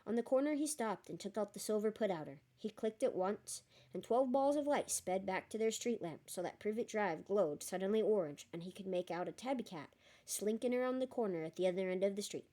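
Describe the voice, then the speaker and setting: A woman reading a novel aloud in a lively way, breaking off for chatty, joking asides. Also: medium pitch, fairly quick. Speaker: reader.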